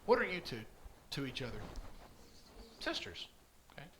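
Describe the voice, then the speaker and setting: Man, church class teacher, animated and coaxing, slight noise behind. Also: medium pitch, normal speed. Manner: coaxing, asks questions over and over. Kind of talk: children's catechism class.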